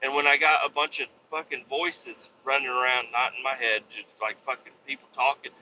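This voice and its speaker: A man's voice: mid-range voice, flat delivery, fairly quick, bright, forceful tone, highs cut off, a little hiss or hum. A man in his thirties hosting a podcast, telling stories in a rambling, profane, casual way full of restarts and fillers. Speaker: podcast host. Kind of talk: casual storytelling monologue.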